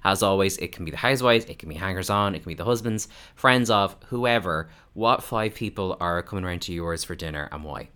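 Bright-toned podcast host, deep voice. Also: male voice, a little fast, hardly any pauses, clean tone. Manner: upbeat, laughs often, asks long questions. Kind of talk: casual podcast chat.

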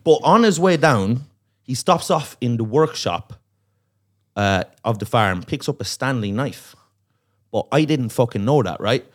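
A man's voice: mid-range voice, expressive, a little slow. A man telling a long, profane story on a comedy podcast, acting out the voices of the people in it. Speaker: comedian guest.

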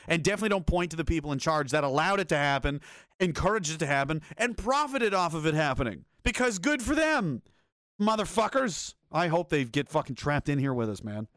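A man rants on a livestream, heated and sarcastic and full of swearing. His voice sits a little high for a man. The sound is dry, with no room echo. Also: big pitch swings, a little fast, a bit bright. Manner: heated, profane, sarcastic ranting. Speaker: livestream host reading chat. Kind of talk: angry political rant on a livestream.

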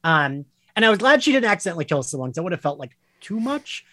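Co-host, man, mid pitch with lively swings, dry close recording, halting casual delivery. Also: no echo. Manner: hesitant, many fillers and quoted inner thoughts. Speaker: podcast co-host. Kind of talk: casual film discussion.

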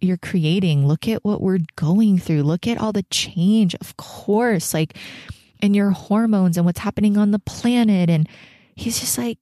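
A woman's voice: mid-range voice, measured pace, dark tone, no room sound, studio quality. A pregnant woman in her thirties hosting a solo podcast, talking candidly and emotionally, rambling with many fillers. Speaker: podcast host.

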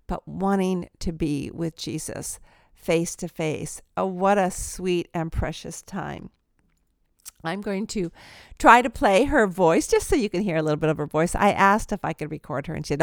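A woman in her sixties hosting a podcast, telling a story in an animated way and laughing often. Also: lowish voice, measured pace, vocal fry, no room sound, studio quality. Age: 60s. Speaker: podcast host.

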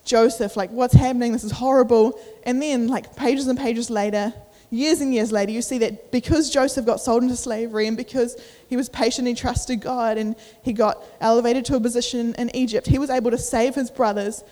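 A woman's voice: on the high side, steady tone, brisk, few pauses, dark tone. A young woman giving a casual sermon at church, chatty with many fillers, acting out inner voices, a little out of breath. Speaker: youth preacher. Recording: echoey church hall.

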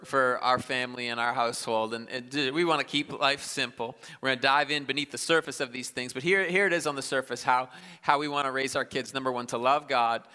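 A man in his thirties preaching a sermon in a large church, conversational and self-deprecating, with quick asides and restarts. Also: mid-range voice, pushed and bright, clean tone. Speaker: pastor. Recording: live church hall with long reverb.

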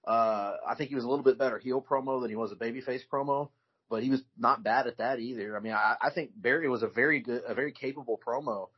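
A man co-hosting a podcast in casual chat, telling stories in a relaxed way with frequent restarts. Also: medium pitch, fast, slightly rough. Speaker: podcast co-host. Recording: dull lo-fi recording.

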